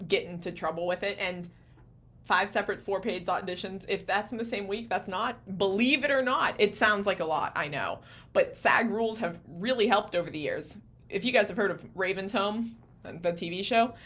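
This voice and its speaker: A woman's voice: medium pitch, a bit bright. A woman acting coach on a podcast giving confident, practical explanations to parents. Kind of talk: advice-giving podcast talk.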